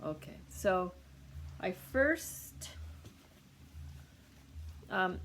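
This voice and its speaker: A woman's voice: fairly low pitch, slow pace, pauses often, a bit bright, a little hiss or hum. A woman giving a casual, rambling recorded healing reading to a client, with lots of fillers and restarts. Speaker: energy healer reading for a client.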